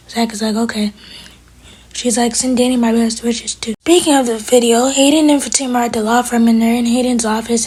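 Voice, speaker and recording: A woman's voice: on the high side, a little mellow, slightly rough. A woman giving a casual recap of a TV episode, retelling scenes by quoting the characters and adding sassy asides of her own. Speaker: TV episode reviewer.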